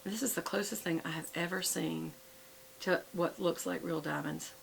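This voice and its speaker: Gravelly-voiced woman vlogger. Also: on the low side, fairly even intonation, moderate pace, slight background noise, poor audio. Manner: chatty, rambling, with many fillers and self-corrections. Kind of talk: casual show-and-tell chat.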